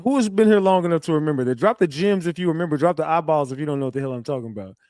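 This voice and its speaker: Guy doing live commentary, loud teasing, calls out chat, high-ish voice, dry sound. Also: lively intonation, very fast, dry recording. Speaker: livestream commentator.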